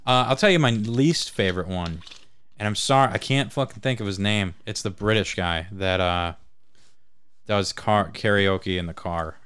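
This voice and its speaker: A man's voice: fairly low pitch, moderate pace, fairly bright tone, clear, resonant tone. A man co-hosting a podcast in casual, profane chat, blunt and swearing often. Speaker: podcast co-host.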